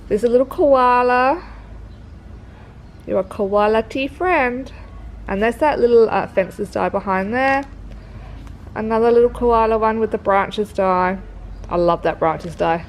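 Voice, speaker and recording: A woman's voice: mid-range voice, a little hiss or hum, poor audio. A woman with an Australian accent, who says she is sick, chattily walking through a craft kit and gushing over each item. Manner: chatty, gushing, lots of fillers. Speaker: craft shop presenter. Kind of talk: casual product walkthrough. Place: work premises.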